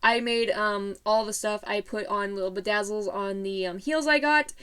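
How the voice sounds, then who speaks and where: A woman's voice: medium pitch, moderate pace, fairly bright tone, clear, resonant tone. A teenage girl telling a story in a casual vlog, bubbly and rambling with lots of fillers. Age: late teens.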